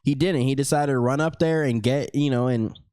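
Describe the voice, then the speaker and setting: Casual man, mid-pitched, dry close-miked podcast chatter that rambles and swears. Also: brisk, darkish tone, no echo. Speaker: podcast co-host. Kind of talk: casual chat.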